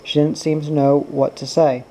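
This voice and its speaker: A man narrating a novel aloud in a steady, even way. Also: on the high side, normal speed, rough recording. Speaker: audiobook reader. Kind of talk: novel reading.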